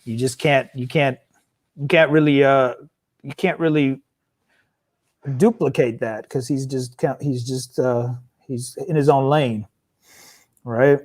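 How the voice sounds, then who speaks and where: A man's voice: medium pitch, fairly even intonation, a little mellow. A man being interviewed about his music, talking casually and restarting his sentences as he thinks aloud. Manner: halting, restarts often while thinking aloud. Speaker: guest rapper.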